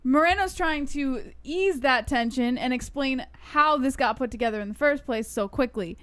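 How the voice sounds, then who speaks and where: A woman's voice: high voice, normal speed, fairly bright tone, clean tone. A woman co-hosting a casual news chat show, laughing and firing back comebacks. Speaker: co-host.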